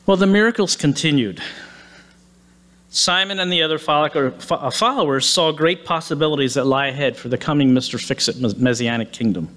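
A male preacher retelling a Bible story in a sermon, in a lively manner with casual asides. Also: a little high, fairly quick.

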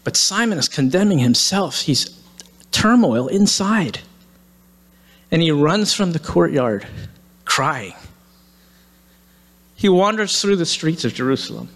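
A man's voice: fairly high pitch, big pitch swings, takes it slowly, long pauses, fairly bright tone. A man preaching, retelling a story dramatically and acting out the quoted lines. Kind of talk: sermon storytelling. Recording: long hall reverb.

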